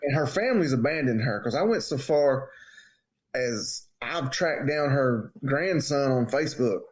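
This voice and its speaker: Animated man telling a story. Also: a little slow. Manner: animated storyteller, acts out quotes in a high voice. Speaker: podcast co-host. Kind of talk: casual storytelling chat.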